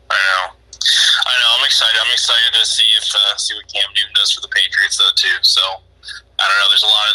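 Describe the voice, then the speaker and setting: A man with a husky, bright edge to his low voice, rattling off his thoughts quickly. He rambles, restarts and repeats himself in relaxed sports talk, full of fillers. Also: poor audio. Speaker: podcast guest. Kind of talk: casual sports chat.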